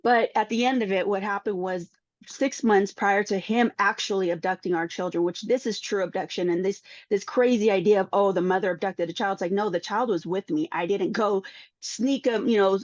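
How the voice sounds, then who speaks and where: A woman's voice: medium pitch, a little fast, no room sound. A woman speaking as a podcast panel guest about her own experience, emotional and full of restarts and repeated words. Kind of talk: personal testimony in a podcast panel. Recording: dull lo-fi dry sound.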